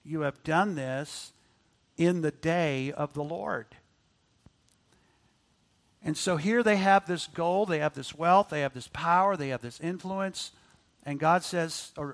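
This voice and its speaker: Preacher guy giving a sermon, slightly higher voice, goes loud then drops low. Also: measured pace. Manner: expressive, swings between loud emphasis and quiet asides.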